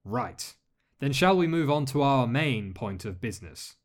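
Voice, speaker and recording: A man voicing a masked male lord who speaks in a measured, polite way with dry humor. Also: medium pitch, lively intonation, lightly acted. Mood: calm. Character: masked male dark lord, calm, courteous, wry.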